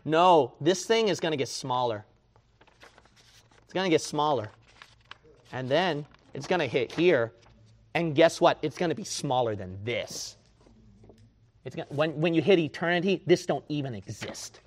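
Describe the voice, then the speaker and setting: Male preacher, fiery sermon delivery, big swings between whispers and shouts, higher voice than most men. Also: animated, normal speed, long pauses. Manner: swings from hushed to shouting, mocks excuses in whiny voice.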